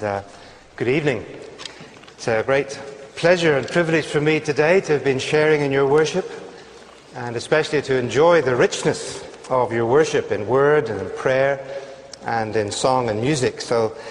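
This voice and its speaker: A man with a Northern Irish accent, a guest preacher giving a sermon in a gracious, measured way with frequent fillers. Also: mid-range voice, a little hiss or hum. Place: large church sanctuary. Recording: church sound with long reverb.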